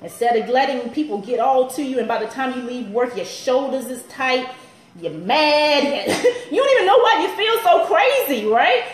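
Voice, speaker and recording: A woman's voice: sits high, expressive, moderate pace, roomy sound, poor audio. A woman personal trainer in her thirties, chatting upbeat on a live stream to viewers and laughing often.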